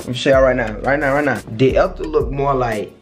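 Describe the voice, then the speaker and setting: A young man co-hosting a casual home vlog, joking and teasing in animated banter. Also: medium pitch, fast talker, faint music behind. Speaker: co-host, boyfriend. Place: indoors at home.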